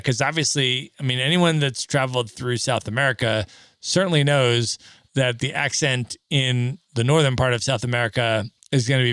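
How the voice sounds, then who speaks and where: A man's voice: medium pitch, a bit bright, clean tone, dry recording, clean studio sound. A man hosting a travel podcast, asking long, enthusiastic interview questions. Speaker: podcast host.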